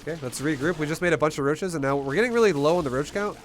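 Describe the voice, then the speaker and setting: A man giving casual, energetic commentary while he plays and teaches a strategy game, talking bluntly and swearing now and then. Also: a little high, racing, slight background noise. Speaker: gameplay coach.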